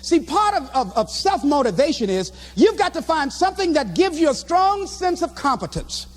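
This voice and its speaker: A man giving a motivational speech to a live audience, telling stories with animated delivery and shouting out his own acted lines. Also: extremely high pitch, normal speed. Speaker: motivational speaker.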